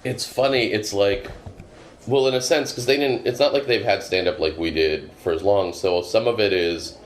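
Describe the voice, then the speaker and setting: A male comedian from Boston, low-voiced and meandering, telling dry stories in casual podcast chat. His thoughts wander through fillers and asides. The studio sounds roomy, with a faint hiss underneath. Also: normal speed. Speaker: comedian guest.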